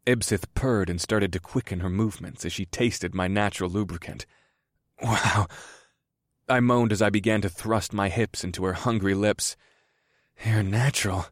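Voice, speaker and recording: A man narrating a first-person audiobook in a slow, measured reading. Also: on the low side, no room sound, clean studio sound.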